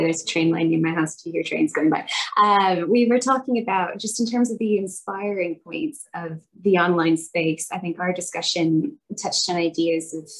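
Low, husky woman speaking flatly. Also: low-quality recording. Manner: measured, thoughtful, with some fillers. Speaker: webinar participant reporting back. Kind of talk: casual spoken group report. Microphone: video call.

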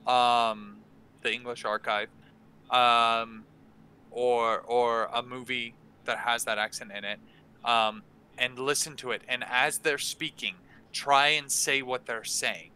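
Casting note: unhurried man as game-master teacher, crisp clear tone, halting delivery. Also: mid-range voice, fairly even intonation, pushed and bright, poor audio. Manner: halting, many fillers and restarts. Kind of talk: casual instructional talk. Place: online stream.

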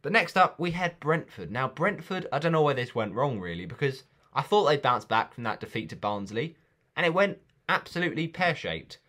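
A man's voice: mid-range voice, big pitch swings, a little fast, pushed and bright. A man chatting casually in a football predictions vlog, rambling and teasing himself.

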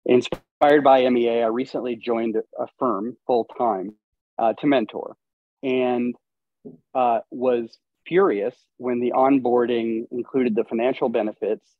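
A man's voice: medium pitch, measured pace, vocal fry, no echo. Male caller on a tinny line. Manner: polite, searching for words. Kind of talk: audience question. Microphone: video call. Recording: tinny dry call audio.

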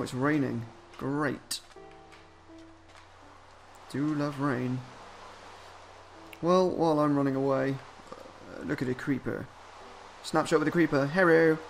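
A man giving casual gameplay commentary as a let's-player, swearing a lot and muttering and yelling at game enemies. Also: mid-range voice, gravelly.

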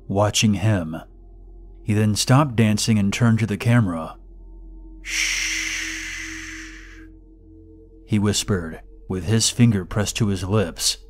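A man with a low voice reads a horror story at a measured, deliberate pace. Faint music plays under his narration. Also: darkish tone.

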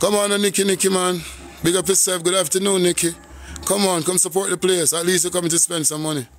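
A man's voice: high voice, flat delivery, fast talker, faint music behind. A Jamaican man on a casual live stream, greeting viewers by name and humming and scatting between lines. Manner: shouts out viewers, hums and scats between lines.

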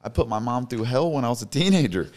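A man's voice: mid-range voice, lively intonation, fast, darkish tone. A man in his thirties, a podcast guest, telling his personal story in an earnest, emphatic way. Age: 30s. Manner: earnest, emphatic, repeats for stress.

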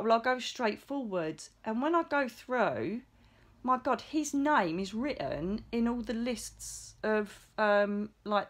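A middle-aged woman telling a personal story in a chatty, excitable way, acting out the lines she quotes. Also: fairly high pitch. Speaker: psychic medium vlogger. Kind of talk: casual storytelling monologue.

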